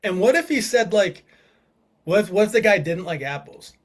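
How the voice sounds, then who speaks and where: A man co-hosting a podcast in relaxed, casual chat. His voice sits a bit high for a man, and his delivery is playful and full of laughter. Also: normal speed. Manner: laughs often, playful, reads aloud from a screen. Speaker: podcast co-host.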